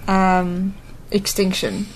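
A woman co-hosting a casual gaming podcast, lively and teasing, often trailing off. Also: medium pitch, very slow. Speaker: podcast co-host. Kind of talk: casual chat.

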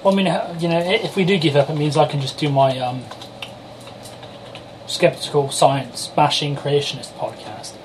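Higher-voiced male co-host, relaxed, teasing, recorded with noise in the background. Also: normal speed. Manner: laid-back, teasing, says "man". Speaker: podcast co-host. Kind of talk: casual banter.

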